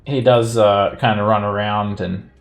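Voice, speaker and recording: Low-voiced man narrating as game master. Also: steady tone, unhurried, soft background music. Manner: loose narration with frequent laughs and fillers. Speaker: dungeon master.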